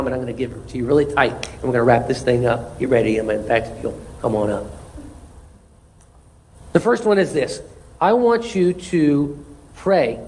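A man's voice: mid-range voice, a little mellow, rough recording. A man pastor preaching a sermon in church, emphatic, repeating phrases and restarting words. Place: church sanctuary.

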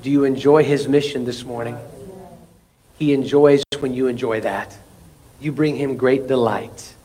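A man pastor preaching a sermon, animated, with laughing asides, swinging from loud exclamations to soft, intimate lines. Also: mid-range voice, measured pace.

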